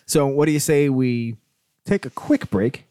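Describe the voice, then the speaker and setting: A man hosting a podcast, measured and agreeable with a dry wit. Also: mid-range voice, mellow, no room sound. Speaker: podcast host. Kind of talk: casual chat and read ad.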